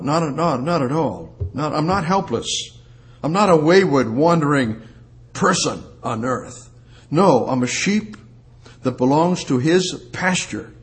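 A man preaching a sermon, repeating words for emphasis and rising louder on the scripture he quotes. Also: mid-range voice. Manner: emphatic, repetitive preaching with slow drawn-out phrases. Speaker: pastor.

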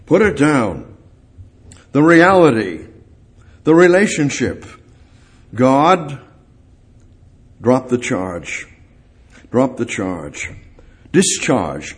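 A male preacher delivering a sermon at an unhurried pace. His pitch moves a lot as he swells on key words and falls away again. He repeats short phrases over and over to drive them home. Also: very animated. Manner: halting, repeats phrases for emphasis; rises and swells on key words, then drops low.

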